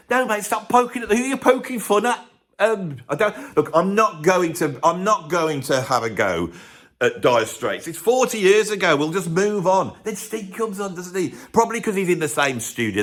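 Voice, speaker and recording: Man, slightly high voice, sarcastic rambling rant, keeps interrupting himself. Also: a bit bright. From United Kingdom. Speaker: musician and video host. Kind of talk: ranting comic monologue to camera.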